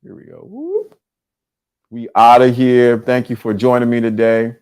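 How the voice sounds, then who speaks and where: A man hosting a casual livestream, talking in an animated way, often laughing and using streetwise slang. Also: medium pitch, normal speed, clear, resonant tone. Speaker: livestream show host.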